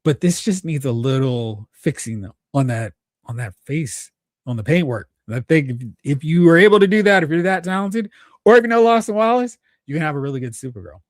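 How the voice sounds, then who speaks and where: A man's voice: a little high, lively intonation, moderate pace, no echo, studio quality. A man hosting a live stream, chatting casually, thinking aloud and reading out viewer comments. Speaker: host.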